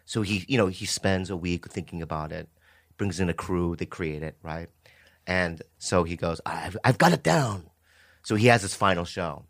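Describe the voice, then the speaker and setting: A man telling jokes in casual podcast chat, rambling and animated with lots of fillers. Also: low voice, normal speed, dry recording, studio quality.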